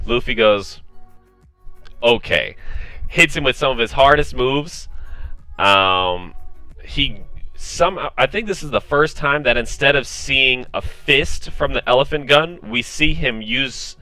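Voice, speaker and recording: A man casually recapping a comic chapter, excited and full of fillers and restarts. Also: mid-range voice, slow pace, no room sound, faint music behind, low-quality recording. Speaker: manga reviewer.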